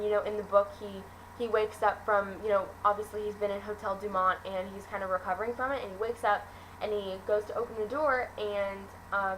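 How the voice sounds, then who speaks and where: A teenage girl with a middle-pitched voice talks through a film review in a loose, gushing way, full of "um" and "like" and self-corrections. A faint hiss of background noise sits under her voice. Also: a bit bright, poor audio. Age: teens. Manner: gushing, rambling with many fillers and restarts. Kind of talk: casual chatty review.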